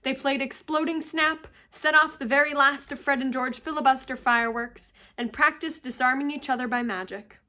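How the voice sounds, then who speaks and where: A teacher reading a novel aloud to her class, with steady, expressive storytelling. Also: sits high, moderate pace, few pauses.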